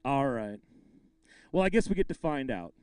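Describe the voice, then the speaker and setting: A man's voice: mid-range voice, big pitch swings, normal speed, darkish tone, smooth, no echo. A man emceeing a live fishing tournament weigh-in, bantering with anglers and calling out the weights with bursts of hype.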